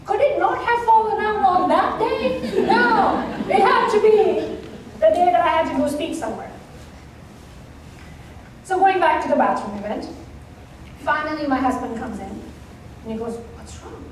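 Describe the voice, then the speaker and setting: A woman from Kenya giving a keynote talk, telling a personal story in an animated way and acting out the dialogue. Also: extremely high pitch, measured pace, pauses often, slight background noise. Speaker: keynote speaker. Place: conference hall stage. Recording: echoey hall, mic at a distance.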